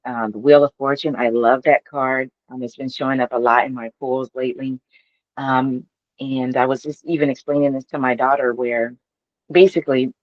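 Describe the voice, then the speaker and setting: Woman sharing her story in a spiritual group, emphatic, gets really lively, dull dry audio. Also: a bass voice, no echo. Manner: animated, emphatic, laughs often. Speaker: participant sharing a testimony.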